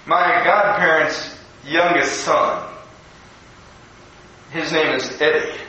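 High, bright-voiced man preaching in an echoey room. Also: fairly even intonation, slow, recorded from a distance, highs cut off. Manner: storytelling, conversational, acts out quotes. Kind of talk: recorded devotional sermon.

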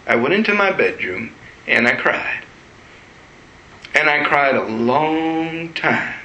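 Male pastor, sermon storyteller, slightly high voice, very bright tone. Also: lively intonation, slow pace. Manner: storytelling with emotional retelling. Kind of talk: sermon testimony. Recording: roomy echo.

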